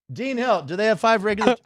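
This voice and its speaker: Man, middle-aged, podcast host, high-pitched, jokey banter, dry studio sound. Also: fairly bright tone, no room sound. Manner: jokey, laughs often, riffs loosely. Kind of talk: casual sports chat.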